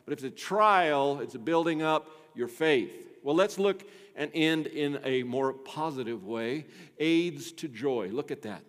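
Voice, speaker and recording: A man preaching a sermon as pastor, emphatic and leading the congregation in call-and-response, often dropping to a soft low voice on key phrases. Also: animated, measured pace, big-room sound. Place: church.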